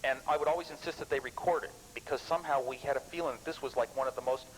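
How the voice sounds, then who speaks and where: A man in his thirties tells stories to a club audience, lively and animated, tumbling through restarts as he goes. His voice sits at an ordinary middle pitch. A faint hiss of noise runs underneath. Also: very fast, low-quality recording. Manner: lively storyteller, animated and chuckling; rambling with frequent restarts. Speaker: guest speaker at a computer club. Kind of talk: anecdotal talk to a live audience.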